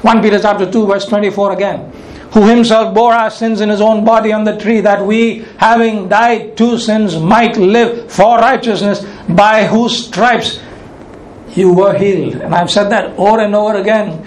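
A man preaching a sermon, reading scripture and slowing down to stress key words, repeating them for emphasis. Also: high-pitched, fairly even intonation. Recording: echoey room with faint ambient noise.

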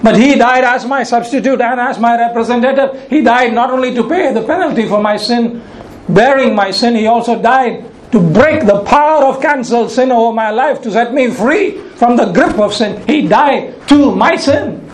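A man preaching a sermon, reading scripture and slowing down to stress key words, repeating them for emphasis. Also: very high voice. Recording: echoey room with faint ambient noise.

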